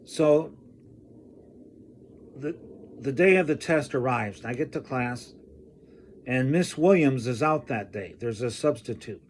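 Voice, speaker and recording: A man telling a personal story from his school days, slow and halting, often clearing his throat. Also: medium pitch, a little hiss or hum. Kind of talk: personal anecdote told slowly.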